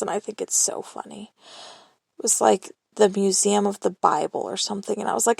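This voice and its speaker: A woman's voice: medium pitch, brisk, creaky, dry recording. A young woman hosting a solo podcast, rambling candidly into her phone and swearing casually. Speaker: podcast host. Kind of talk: solo confessional monologue.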